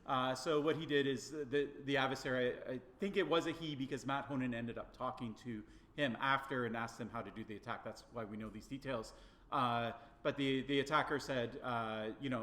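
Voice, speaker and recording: A man's voice: medium pitch, steady tone, brisk, sharp tone. A man giving a classroom lecture, telling a story in a chatty way and acting out the quoted dialogue, with frequent checks like "okay?" and "right?". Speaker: university lecturer. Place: lecture hall. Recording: echoey lecture room.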